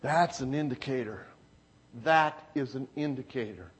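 A man preaching a sermon with emphatic, repeated phrases, swinging from loud exclamations to hushed asides. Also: mid-range voice, measured pace, husky.

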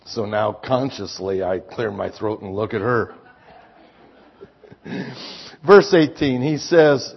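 A man's voice: lowish voice, takes it slowly, vocal fry, long pauses, husky. A man preaching a sermon, telling folksy personal stories with emphatic rises in his voice. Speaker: pastor. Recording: slightly dull lo-fi sound.

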